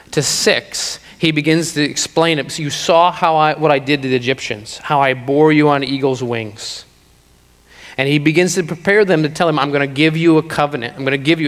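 A man preaching a sermon to a congregation, slowing down to stress key lines. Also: on the high side, a bit bright. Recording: long reverb of a hall.

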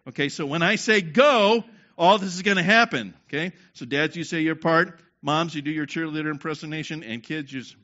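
Bright-voiced pastor leading his congregation. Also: a little high, fairly quick, few pauses. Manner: leads the crowd with repeated "okay?" checks. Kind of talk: sermon with congregation activity. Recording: dull lo-fi sound.

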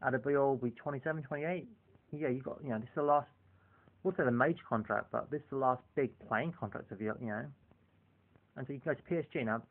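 A man rambles through a casual monologue, scattering "you know" through nearly every sentence. His mid-pitched voice has a gravelly, fry-laden edge. The sound is thin and tinny, like a phone line. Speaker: football fan vlogger.

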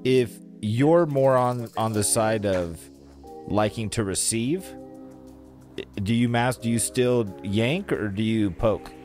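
A man's voice: lowish voice, slow pace, music in the background. A man co-hosting a casual podcast, joking and rambling as he explains things. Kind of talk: casual chat.

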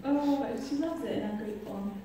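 A woman's voice: a little high, a little fast. Woman speaking in an echoey hall. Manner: chatty, laughs often at her own stories. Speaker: speaker giving a personal faith testimony. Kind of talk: testimony talk to a live audience. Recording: echoey hall from far off, faint noise.

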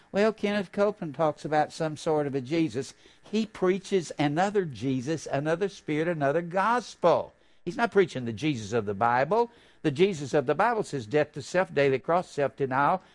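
Older guy preaching hard, bit high voice, drags words out then suddenly yells. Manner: fervent, stretches key phrases slowly and jumps to loud high bursts. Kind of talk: sermon.

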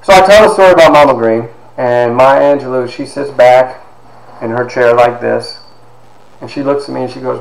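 A man, a university instructor, telling stories from his life to his class, lively and sometimes dropping into hushed asides. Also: medium pitch, normal speed, creaky, echoey room, poor audio. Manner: animated storyteller, drops to hushed asides. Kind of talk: storytelling lecture to a class.

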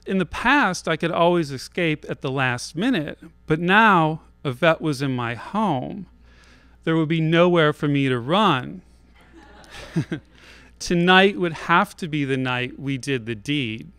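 A man telling a personal story live on a theater stage, in a wry, self-deprecating and deliberate way. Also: on the high side, lively intonation, fairly bright tone, smooth, no echo.

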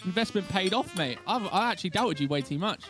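A man co-playing a game, excitable and quick to swear and laugh. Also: high-pitched, loud music behind the voice. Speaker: co-streamer. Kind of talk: casual chat while playing.

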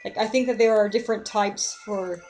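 A woman's voice: medium pitch, fairly even intonation, fairly quick, a little mellow, a little hiss or hum. A young woman chatting casually and giggling while she streams a game from home and reads its on-screen text aloud.

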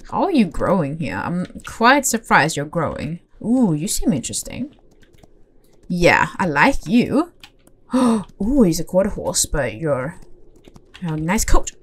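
A young woman giving casual, excitable commentary as she plays a horse game, talking to herself and the horses with gasps and squeals. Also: fairly low pitch, a little slow, slight background noise. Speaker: gaming channel host.

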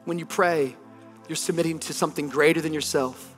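A man's voice: a little high, fairly even intonation, fairly quick, soft background music. A man in his thirties, a pastor delivering a sermon, telling a story with animation and building to emphatic preaching.

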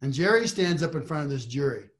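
A man, a trial lawyer, telling a story in a panel discussion, animated, with frequent restarts and rising emphasis. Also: a little high, fast talker.

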